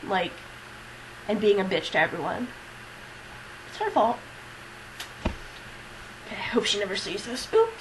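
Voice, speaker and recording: A woman's voice: medium pitch, sing-song, a little slow, pauses often, noisy background. A young woman talking casually to her camera, rambling and self-deprecating with lots of fillers and swearing. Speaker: vlogger. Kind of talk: casual confessional vlog.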